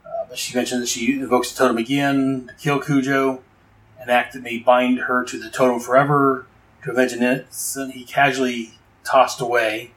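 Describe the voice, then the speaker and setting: A man recapping and reviewing a comic book in a casual, rambling way. His voice sits in an ordinary middle pitch. He fills pauses with fillers and eager asides about the scenes he likes. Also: level tone, a bit bright, reverberant, rough recording.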